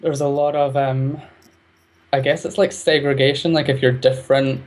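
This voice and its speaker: A man's voice: medium pitch, level tone, moderate pace. A man chatting as an interview guest, talking freely and laughing often between points. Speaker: guest, arts project creator. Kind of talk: casual interview chat.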